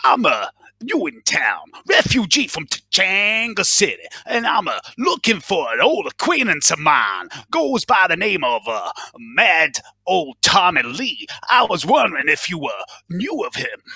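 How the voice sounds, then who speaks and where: A man's voice: high-pitched, huge pitch swings, a little slow, vocal fry, bright, forceful tone, breathy edge, no echo, pitched above the performer's own voice, full character voice. A man voicing a drifting male refugee in a put-on accent, rambling and folksy. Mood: polite. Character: drifting male refugee seeking an old friend.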